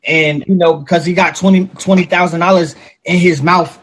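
A man with a fairly high, husky voice holds forth in casual podcast chat. He is animated and profane, slipping into quick acted-out quotes as he makes his case.

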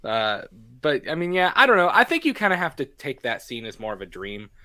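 A man's voice: on the high side, brisk, no echo. A young man co-hosting a podcast, talking casually about a movie and acting out quotes from its scenes. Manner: animated, acts out quotes from scenes. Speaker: podcast co-host.

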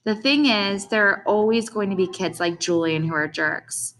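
A woman narrates a first-person storybook in a relaxed, conversational way. Her reading sounds like a kid telling his own story. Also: medium pitch, moderate pace. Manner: casual, conversational. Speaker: audiobook narrator.

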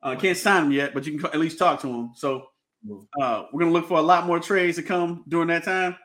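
A man's voice: a little high, fairly even intonation, fairly quick, fairly bright tone. A man hosting a casual sports podcast, talking with many fillers and restarts and laughing often. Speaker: podcast host.

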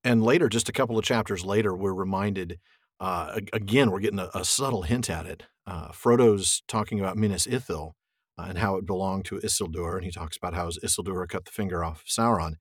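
A man's voice: sits low, fairly quick, breathy edge, no room sound, clean studio sound. A man co-hosting a podcast, talking casually and enthusiastically about a book and reading passages aloud. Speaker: podcast co-host.

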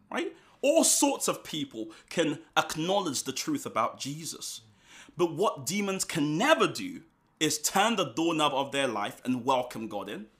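A man preaching a sermon, emphatic and animated, with quick restarts and asides. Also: fairly high pitch. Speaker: pastor.

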